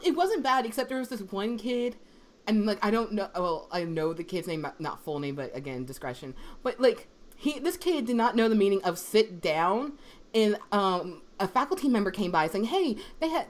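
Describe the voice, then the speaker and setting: A woman in education co-hosting a casual livestream, chatty and swearing freely, her voice strained from yelling. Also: medium pitch, very animated, normal speed. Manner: chatty storyteller, swears freely, acts out quotes.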